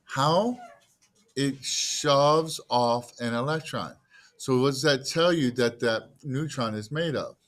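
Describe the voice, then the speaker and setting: A man's voice: mid-range voice, slow pace, a bit bright. A man teaching a class in a casual lecture style, posing questions to students and answering them himself, with jokey asides.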